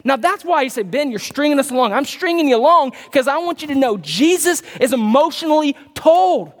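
A male pastor preaching an animated sermon, dropping to low murmurs and jumping to loud bursts. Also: fairly quick. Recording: long reverb of a large hall.

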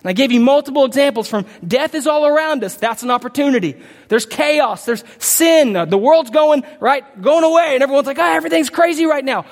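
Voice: sits high, lively intonation, fairly quick. A preacher giving an emphatic sermon to a congregation, reading scripture aloud and stumbling now and then over the words. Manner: emphatic, impassioned delivery. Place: large hall with a congregation. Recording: long hall reverb.

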